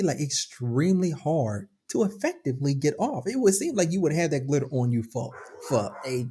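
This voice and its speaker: A young adult woman co-hosting a podcast in casual chat, animated and slangy, with a lot of profanity. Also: low voice, moderate pace, hardly any pauses, husky. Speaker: podcast co-host.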